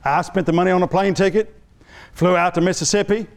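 A man preaching a sermon as pastor, telling a story in an animated way and acting out the voices he quotes. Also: high-pitched, a little fast.

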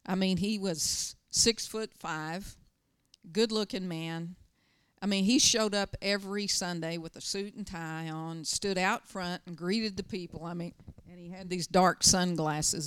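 A middle-aged woman pastor preaches a sermon full of personal stories, breaking into emphatic, urgent bursts. Her voice sits on the low side and is smooth and a bit bright. She speaks a little slowly, with no room sound.

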